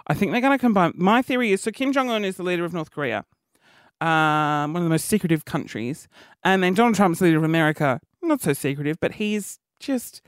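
A woman's voice: mid-range voice, no room sound, studio quality. A young woman hosting a casual solo podcast, rambling and chatty, circling back on herself and restarting her sentences. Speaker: podcast host.

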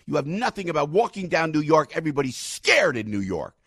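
A fired-up talk show host rants in a gravelly, slightly raised voice. He swings his pitch widely, stumbles over repeated words and breaks into sudden shouts. The sound is dry and close. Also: very animated, dry recording. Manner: ranting, rapid-fire, repeating himself, bursts into shouts. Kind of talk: fired-up political commentary.

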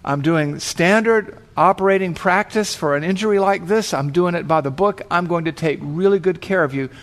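Man doing steady, patient woman paramedic, reassuring, soft-spoken. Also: sits high, moderate pace, natural voice.

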